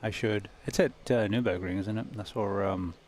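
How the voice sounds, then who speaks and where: A man streaming a sim race, chatting casually and quietly to viewers while he drives. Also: lowish voice, moderate pace. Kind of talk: casual live-stream chat while driving. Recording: racing-car engine noise behind. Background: engine roar from the racing game.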